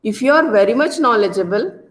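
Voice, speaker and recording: A woman lecturer with an Indian English accent from Karnataka, giving a loud, repetitive classroom lecture full of tag questions. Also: fairly high pitch, animated, brisk. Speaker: college lecturer.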